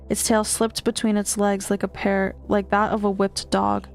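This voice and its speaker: A woman streamer reading a horror book aloud, steady with small stumbles and restarts. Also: mid-range voice, normal speed, vocal fry, hardly any pauses, faint music behind.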